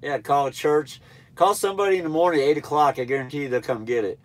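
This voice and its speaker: A man's voice: on the high side, fast. Nasal man chatting on a live stream. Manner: laid-back, rambling, blunt. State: stuffy nose. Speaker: truck driver trainer livestreaming. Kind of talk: casual live-stream chat answering viewers.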